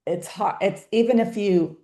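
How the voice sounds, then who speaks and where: A woman's voice: mid-range voice, moderate pace, dark tone, echoey room. A woman hosting a webinar interview, asking thoughtful questions over a video call. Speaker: webinar host.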